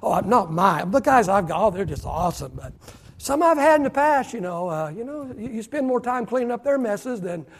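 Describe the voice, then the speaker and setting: A middle-aged man preaching a sermon as pastor, swinging between loud shouted emphasis and soft hushed asides, and drawing out key phrases slowly. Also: high-pitched, expressive. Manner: drawn-out, slowed phrases for emphasis.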